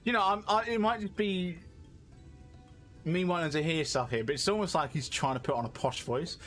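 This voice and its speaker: A man's voice: fairly high pitch, normal speed, a bit bright, faint music behind. A man chatting casually as he comments on gameplay, with laughing asides. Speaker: streamer.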